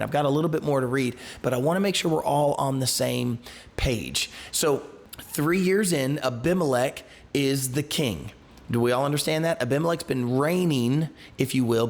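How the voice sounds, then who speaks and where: A man who is a pastor leads a Bible study. He reads scripture aloud and then retells it in a loose, everyday way, with restarts and asides. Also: mid-range voice.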